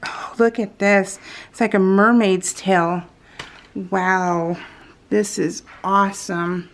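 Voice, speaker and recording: A woman chatting casually as she unboxes craft supplies, gushing with excitement and often dropping into a soft whisper. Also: mid-range voice, creaky. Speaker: craft vlogger.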